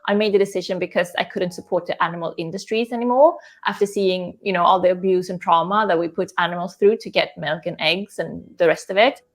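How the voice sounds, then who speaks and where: A woman talking calmly to camera in a vlog, matter-of-fact, with casual fillers. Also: lowish voice, brisk, few pauses. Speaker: vegan video creator.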